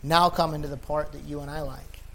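Male pastor, high voice, tired, fervent sermon, loud peaks then hushed stretches. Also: fairly even intonation, fairly quick, slight background noise. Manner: fervent preaching, swinging from loud emphatic peaks to low quiet stretches; sweaty and laughing at himself between scripture readings.

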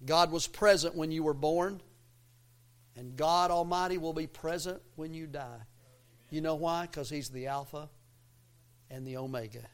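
A man preaching a sermon, swelling into loud emphatic lines and dropping low again, with a folksy, self-interrupting delivery. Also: unhurried, pauses often. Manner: preaching with rising, emphatic swells and quiet drops. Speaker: pastor.

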